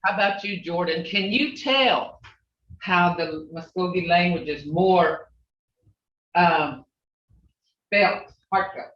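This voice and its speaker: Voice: mid-range voice, slow pace, pauses often, fairly bright tone, distant mic. A language teacher leading an online class, patiently repeating phrases to model their tone. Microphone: video call. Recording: roomy, dull video-call audio.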